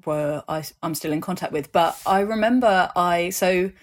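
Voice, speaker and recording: Lively woman telling stories. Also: fairly low pitch, moderate pace. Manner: animated storytelling, acts out voices in anecdotes, many fillers. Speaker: interview guest. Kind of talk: conversational interview.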